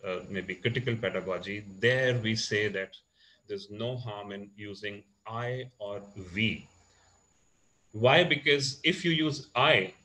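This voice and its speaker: A man lectures over a video call, his voice sitting on the lower side. He pauses often, restarting sentences and filling gaps with "uh" and "you know". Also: a bit bright, low-quality recording. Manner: hesitant, many fillers and restarts. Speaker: guest speaker, lecturer. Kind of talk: online lecture. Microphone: computer or phone mic on a video call.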